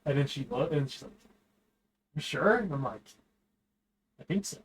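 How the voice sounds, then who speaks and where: A man's voice: a little high, expressive, normal speed, slight background noise, rough recording. A young man chatting casually while gaming, telling stories in a laid-back way, swearing and giggling.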